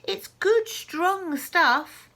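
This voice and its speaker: A woman voicing a cheeky, polite young boy who calls out brightly. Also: very high voice, animated, very slow, background noise, voice pushed up, heavily acted. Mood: eager.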